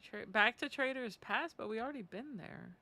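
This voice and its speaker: A woman's voice: a little high, animated, moderate pace, pushed and bright, slight background noise. A woman chatting casually while streaming a game, telling stories and acting out the voices in her anecdotes. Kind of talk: casual gaming stream chat.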